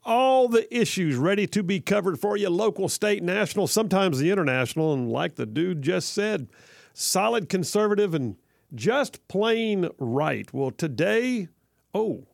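A man's voice: sits high, expressive, moderate pace, gravelly, no echo. A man hosting conservative talk radio from a studio, upbeat and jokey, rambling with fillers. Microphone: studio mic.

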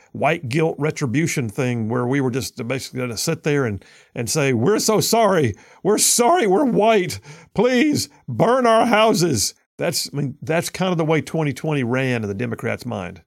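A man's voice: mid-range voice, brisk, vocal fry, no room sound, studio quality. A man hosting a political talk radio show in an emphatic, folksy, sarcastic way. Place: radio studio.

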